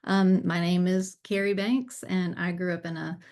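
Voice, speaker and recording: Female guest speaker on a video call, from Appalachian North Carolina, lower voice, candid and earnest. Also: level tone, normal speed, darkish tone. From Southern Appalachian North Carolina. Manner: earnest, candid, with frequent ums and restarts. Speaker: guest speaker, peer support program director. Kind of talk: personal testimony in a webinar.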